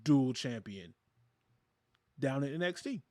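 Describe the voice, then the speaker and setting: A man's voice: medium pitch, animated, takes it slowly, darkish tone, dry recording, studio quality. A man co-hosting a podcast in casual chat, laid-back and conversational, swearing now and then. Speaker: podcast co-host.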